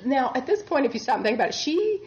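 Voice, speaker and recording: A woman's voice: sits high, sing-song, quick pace, darkish tone, muffled recording. A woman who works as a bedside nurse, co-hosting a casual true-crime chat and telling the case with exasperated humor and frequent laughter. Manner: chatty, exasperated, laughs often. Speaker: podcast co-host.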